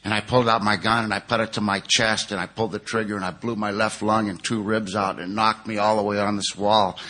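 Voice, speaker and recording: A man's voice: fairly low pitch, bright, forceful tone. A man from California speaking at a recovery conference, telling his own story in a conversational way and acting out what others said. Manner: storytelling, conversational, acts out quotes. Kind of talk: recovery meeting talk. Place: conference hall.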